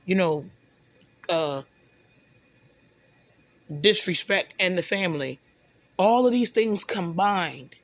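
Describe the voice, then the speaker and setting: A woman's voice: on the low side, lively intonation, takes it slowly, pauses often, no room sound. A woman venting in a casual monologue, rambling and often stumbling over repeated words. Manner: rambling, repeats words, often says "you know what I'm saying".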